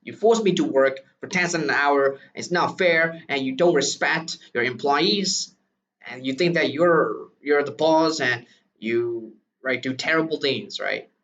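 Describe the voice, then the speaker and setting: A man's voice: a little high, unhurried, fairly bright tone, voice pushed up. A man voicing an indignant young boy who complains to his boss, stumbling over repeated words. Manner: accusing, repeating words in outrage. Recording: distant, dull lo-fi recording.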